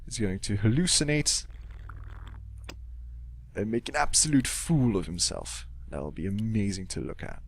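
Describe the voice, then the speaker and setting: A man's voice: fairly low pitch, big pitch swings, moderate pace, pauses often, slight background noise. A young man casually commentating a game, joking, swearing and muttering to himself. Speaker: let's play host.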